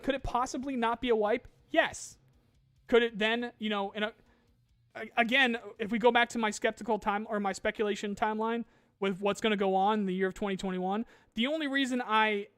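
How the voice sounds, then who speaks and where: A man's voice: sits high, fairly bright tone, clear, resonant tone, no echo, clean studio sound. A young adult man hosting a gaming podcast in casual chat, ranting with lots of swearing and restarts.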